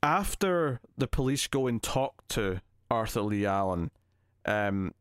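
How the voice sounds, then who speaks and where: A man's voice: fairly low pitch, slow, smooth, no echo, clean studio sound. A man co-hosting a podcast, chatting casually about a film and acting out scenes as he retells them. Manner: animated retelling, acts out scenes in quoted voices. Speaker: podcast co-host. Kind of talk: casual film review chat.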